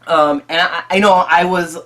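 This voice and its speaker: An eager movie reviewer chatting straight to the audience in a casual vlog. The delivery is excitable, with frequent restarts and doubled words. Pitch sits in a middle range. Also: moderate pace. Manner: excitable, repeats and restarts phrases.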